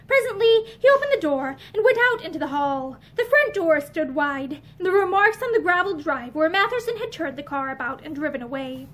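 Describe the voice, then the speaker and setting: High-voiced woman reading a novel. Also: expressive, a little fast, hardly any pauses, a bit bright. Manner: reads with dialogue voiced in character. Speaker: audiobook reader. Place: room with bookshelves.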